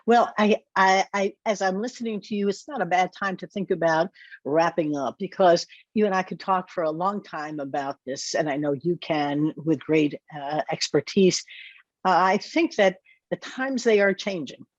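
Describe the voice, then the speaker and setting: An older woman hosting a podcast interview, reflective and quick to laugh. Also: fairly low pitch, no echo, dull audio. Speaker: podcast host. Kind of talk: conversational interview.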